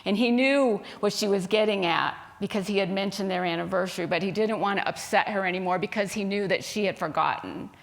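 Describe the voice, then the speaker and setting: A woman minister giving a sermon, telling a story in a gentle, unhurried way. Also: medium pitch, vocal fry.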